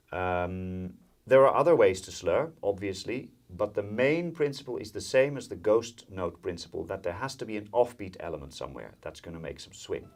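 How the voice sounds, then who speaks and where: A man from the Netherlands giving a jazz violin lesson, explaining step by step with frequent fillers and counting in. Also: sits low. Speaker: violin teacher. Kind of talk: instructional music lesson. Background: violin and guitar playing.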